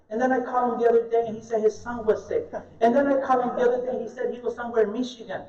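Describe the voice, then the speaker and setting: High-voiced man telling stories in an echoey room. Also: fast talker. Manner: animated storyteller, joking with the audience. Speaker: speaker at an investor meetup. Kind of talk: live presentation with stories. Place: meeting room with an audience. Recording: echoey room, distant dull mic.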